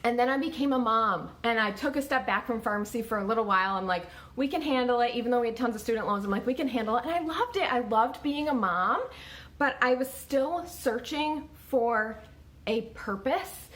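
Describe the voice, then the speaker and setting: A woman's voice: a little high, expressive, moderate pace, a bit bright. Chatty woman in her thirties. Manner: conversational, lots of "like" and restarts. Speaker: vlogger telling her story. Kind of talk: casual storytelling to camera.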